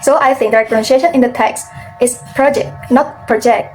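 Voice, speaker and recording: A young Indonesian woman with a fairly high voice walks through her pronunciation errors in a class presentation. She talks methodically, with some halting grammar, and faint music plays behind her. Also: steady tone, darkish tone, rough recording. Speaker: student presenter.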